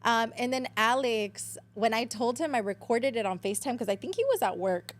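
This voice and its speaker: A woman's voice: fairly high pitch, expressive, a little fast. A woman in her twenties, a podcast guest, telling a story in casual chat, switching between English and Spanish, swearing freely and acting out quotes.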